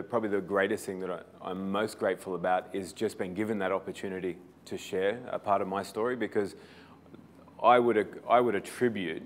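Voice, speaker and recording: A middle-aged man with an Australian accent speaks in a fairly low voice. He gives an inspirational talk in a storytelling way. He often restarts phrases as he builds toward each emphatic point. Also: a little hiss or hum. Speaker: motivational speaker.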